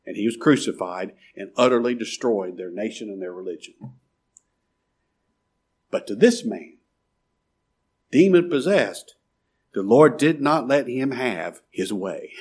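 A man preaching a sermon as pastor, asking rhetorical questions and dropping suddenly to a quiet murmur. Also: mid-range voice, animated, a little slow, long pauses, husky.

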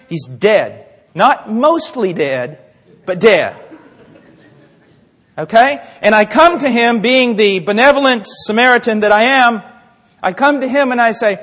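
A male preacher with a very high voice, delivering a dramatic sermon in a church. He drops to hushed asides, then builds to shouts, and acts out little scenes with voices. A long reverb of a large hall trails every phrase.

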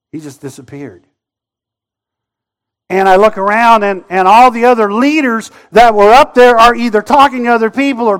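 A man preaching a sermon in a conversational way that builds to impassioned pleading. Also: fairly high pitch. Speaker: pastor.

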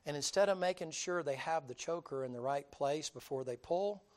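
A man preaching in a folksy drawl. He tells his story in an animated way, acts out the people in it, and now and then bursts out loudly. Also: fairly high pitch, moderate pace. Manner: folksy, animated storytelling with acted-out voices and sudden loud bursts. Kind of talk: storytelling sermon.

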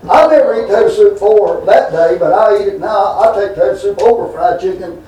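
Folksy preacher with a high voice. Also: male voice, fairly quick, warm tone, far from the mic. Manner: folksy and rambling, with asides to the congregation. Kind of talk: folksy storytelling sermon. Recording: roomy hall, voice from off mic.

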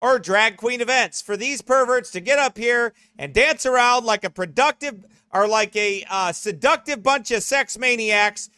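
A man who is a pastor delivering a brash, mocking, rapid-fire rant to an online audience. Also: extremely high pitch, sharp tone, clean tone, dry recording, clean studio sound. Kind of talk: online ranting sermon.

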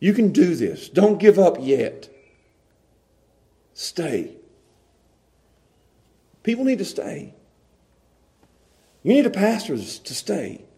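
A man's voice: high-pitched, very animated, slow, gravelly, pauses often, mellow. A man preaching a sermon as pastor, emphatic and repeating words as he pleads.

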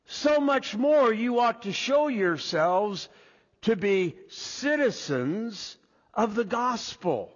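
A man preaching a sermon as pastor, deliberate and restarting his first words. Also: high-pitched, animated. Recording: dull lo-fi echoey hall.

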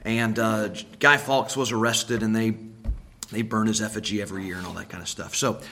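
A man's voice: fairly low pitch, fairly even intonation, a little fast, bright, forceful tone. A man preaching a sermon, emphatic, repeating key words and asking rhetorical questions.

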